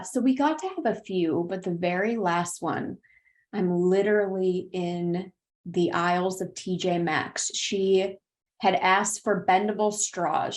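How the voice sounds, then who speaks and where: A woman in her thirties from South Carolina, a podcast guest telling an earnest, tearful personal story. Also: on the low side. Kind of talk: personal conversation.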